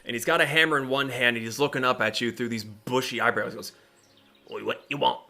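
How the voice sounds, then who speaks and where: Bright-voiced man running a tabletop game. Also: mid-range voice, fairly even intonation, quick pace. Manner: laughs often while narrating. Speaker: game master.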